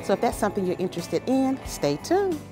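A shopping vlogger walks through a large indoor furniture store, gushing enthusiastically over each piece in a casual walkthrough vlog. Her voice is on the high side with big pitch swings, she talks a little fast, and she exclaims often over background music.

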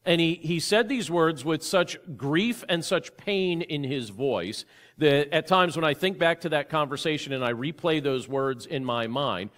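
A man with a somewhat high voice delivers a sermon, beginning with a prayer. He preaches in an earnest, conversational way and often asks his listeners questions. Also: unhurried, fairly bright tone. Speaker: pastor.

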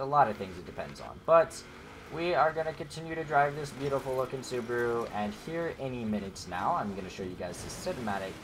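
A man's voice: fairly low pitch, noisy background. A man casually commenting over gameplay as a gaming YouTuber, rambling and chatty with many fillers, talking straight to his viewers. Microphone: desk microphone.

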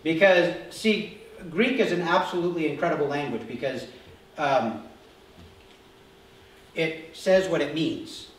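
A pastor with a voice on the high side talks a little slowly, leaving long pauses in his conversational sermon and frequently asking the congregation questions. The echoey church sanctuary is recorded from far away.

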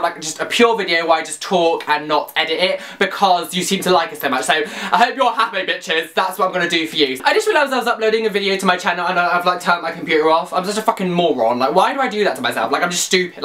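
A young man, talking in a casual vlog, excitable, self-mocking and swearing constantly. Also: high voice. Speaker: vlogger.

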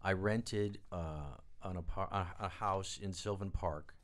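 A man, a guest on a live studio interview, telling rambling, animated stories and acting out the people he quotes. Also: sits low, unhurried. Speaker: guest, record producer and drummer. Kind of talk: anecdotal storytelling interview.

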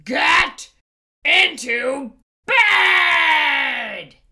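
A gruff, bossy male monster who growls every word, as a woman storyteller puts him on. His lines drag out slowly, and the voice sits bright and high despite the growl. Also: sing-song, full character voice. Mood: angry. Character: hulking grumpy male bedtime monster.

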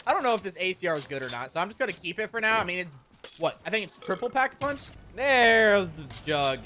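Man, gaming commentary, excitable, lively pitch, faint music behind. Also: fairly quick. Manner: excitable, swears and laughs at surprises. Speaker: gaming YouTuber. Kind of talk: casual gameplay commentary.

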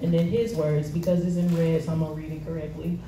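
A woman's voice: deep voice, level tone, fast talker, dark tone. A woman giving a casual, conversational sermon in slangy everyday speech, with lots of fillers and easy laughter. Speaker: speaker at a church service. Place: church hall. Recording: echoey room, voice far from the mic, faint noise.

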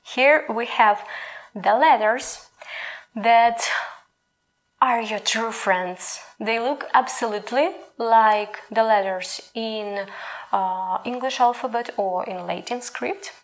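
A woman's voice: a little high, takes it slowly. A young woman with a Ukrainian accent, a native Ukrainian speaker teaching a language lesson in English and patiently modelling each sound aloud.

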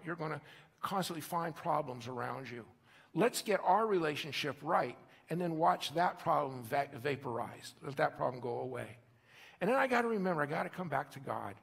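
A man preaching a sermon as a pastor, emphatic, repeating phrases and slowing down for key points. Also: on the high side, vocal fry, a bit bright, husky. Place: church sanctuary. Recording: long hall reverb.

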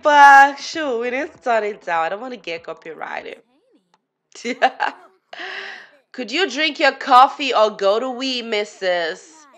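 Woman chatting thru a life sim game, talks to her characters, laughs a lot, slow easy pace. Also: fairly high pitch, fairly bright tone. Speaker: gaming channel host. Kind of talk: casual gameplay commentary.

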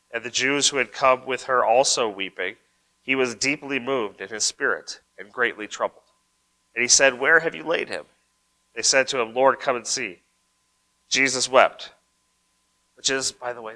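A man delivers a sermon as pastor, reading scripture and then unpacking it in a relaxed, conversational way. His voice is bright and forward, sitting at an average pitch for a man. He keeps checking in with his listeners through quick rhetorical asides. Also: low-quality recording. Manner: conversational preaching with frequent "right?" asides; reads scripture aloud, then comments on it.

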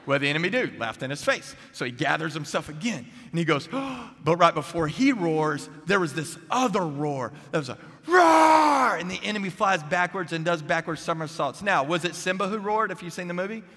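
Lively preacher man in an echoing chapel. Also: a little high, a little fast, few pauses. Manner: energetic, humorous, questions the crowd. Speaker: guest preacher. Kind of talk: chapel sermon. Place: seminary chapel. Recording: echoey chapel hall.

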